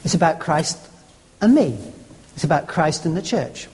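Brief: preacher, homely musing delivery, slow verse readings with shifting stress, animated pitch, large reverberant hall. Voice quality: homely, conversational, musing aloud with restarts. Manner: rereads a verse slowly, stressing a new word each time. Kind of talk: devotional teaching talk.

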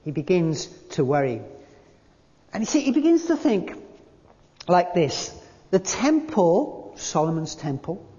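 A man preaching a sermon, emphatic, repeating key phrases and slowing down to read quotations. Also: high-pitched, sing-song, mellow. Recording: dull lo-fi sound with long hall reverb.

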